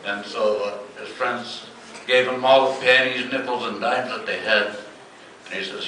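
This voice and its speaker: A man giving a eulogy at a memorial service, telling a family story in a halting way with many pauses and fillers. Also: medium pitch. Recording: echoey hall from far off, light noise.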